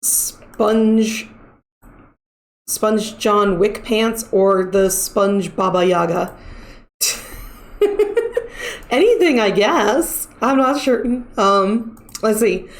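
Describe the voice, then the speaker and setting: A woman's voice: medium pitch, takes it slowly, long pauses. Chatty woman streamer, rambling talk. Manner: rambling, chatty, frequent fillers. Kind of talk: casual stream wrap-up chat.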